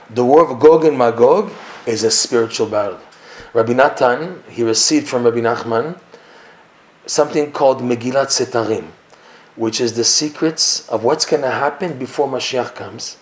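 A man teaching a live Torah lesson to listeners in a room, telling stories in an animated way with asides and laughs. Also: medium pitch. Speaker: rabbi teaching a class. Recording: echoey room with faint hiss.

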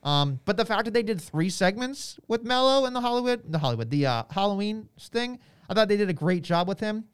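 A man co-hosting a casual podcast, giving quick, excitable opinions and often restarting his sentences. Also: high voice, smooth. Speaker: podcast co-host.

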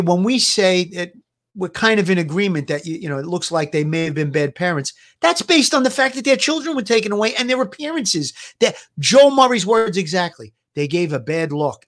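A man with a fairly high voice co-hosting a casual livestream as a retired cop. He gives his views earnestly, leaning on his points with emphasis. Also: a bit bright. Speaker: retired police officer co-hosting a live show.

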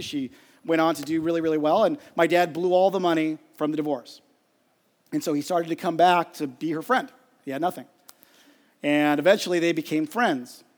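A man, a pastor, giving an earnest sermon and telling a family story with quoted dialogue. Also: sits high.

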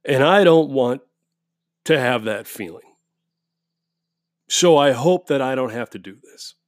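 A man's voice: mid-range voice, lively intonation, unhurried, no room sound, studio quality. A man telling his viewers a story as a heated, profane rant, often restarting his sentences. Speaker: vlogger.

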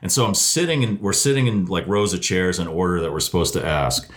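A man's voice: deep voice, fairly quick. A man who hosts radio, a guest on a podcast, telling a story in loose, profane chat full of fillers and restarts. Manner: acts out quoted people in lively voices.

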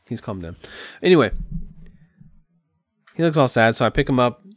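A man's voice: mid-range voice, animated, moderate pace, pauses often, no echo. A man talking candidly in a rambling, open and emotional way at home, as a podcast host. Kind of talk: candid personal monologue. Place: at home by his computer.

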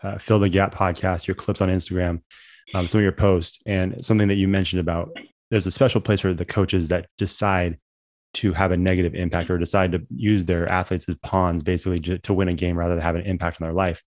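A man's voice: low voice, level tone, brisk, darkish tone, no room sound, clean studio sound. A man hosting a casual podcast interview, affirming his guest and often saying "man". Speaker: podcast host.

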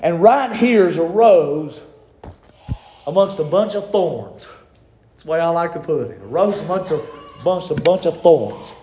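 A man preaching a sermon, impassioned and rising to shouts. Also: fairly high pitch, expressive, unhurried, long pauses, a little hiss or hum. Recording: echoey room.

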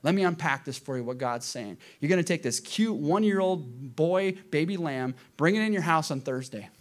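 High-voiced animated preacher. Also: male voice, normal speed. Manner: animated, swings from loud to hushed; addresses congregation directly with questions. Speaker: pastor. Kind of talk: sermon.

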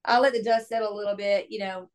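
A young country singer-songwriter recounts tales in an informal interview, full of exclamations and acted-out conversations. She talks fast at a medium pitch.

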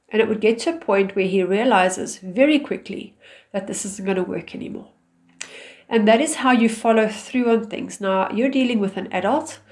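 A woman speaks with calm firmness as she gives advice, steady and instructive, her pitch sitting right in the middle of the range. She talks like a mother laying down clear rules. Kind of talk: direct advice talk.

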